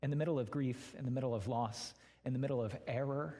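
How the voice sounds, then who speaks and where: A man's voice: mid-range voice, fast, dark tone. Man preaching in a reverberant hall. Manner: conversational, candid, addresses listeners directly. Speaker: pastor. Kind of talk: sermon. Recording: long reverb of a large hall.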